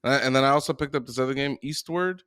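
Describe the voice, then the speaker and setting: A man's voice: medium pitch, fast, fairly bright tone, clear, resonant tone, no room sound, studio quality. A man co-hosting a podcast, telling stories in a laid-back, profane casual chat. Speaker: podcast co-host.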